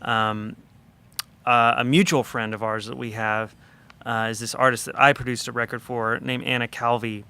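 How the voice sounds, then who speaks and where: Guy producer rambling through a story, lots of ums, clear smooth voice. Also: medium pitch, moderate pace. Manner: animated, chatty, many fillers. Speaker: record producer and guest. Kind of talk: conversational storytelling. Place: recording studio.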